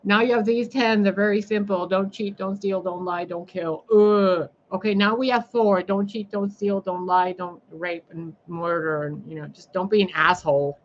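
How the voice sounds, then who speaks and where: A woman's voice: mid-range voice, steady tone, normal speed, few pauses, muffled recording, slight background noise. A woman livestreaming a blunt, sarcastic monologue, scolding her viewers and swearing freely. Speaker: spiritual livestreamer.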